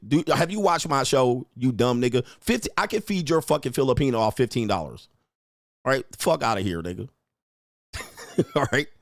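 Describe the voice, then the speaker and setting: Profane, mocking man with a lively voice. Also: medium pitch, vocal fry, no echo, studio quality. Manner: profane, mocking, laughs often, confrontational. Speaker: streamer host. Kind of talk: livestream rant reading chat.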